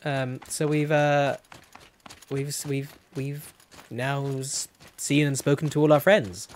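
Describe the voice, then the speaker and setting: A man's voice: mid-range voice, fairly even intonation, slow, slight background noise. A young man chatting casually while streaming a game, rambling and correcting himself as he goes. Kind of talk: casual gameplay commentary.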